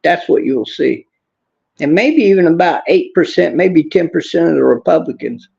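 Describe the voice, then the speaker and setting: Blunt streamer, fairly high gravelly voice, reads chat and rants, dull lo-fi audio. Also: male voice, expressive, moderate pace, a little mellow. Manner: blunt, angry, swears, talks back to chat. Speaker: livestream host reading chat. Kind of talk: casual political livestream rant.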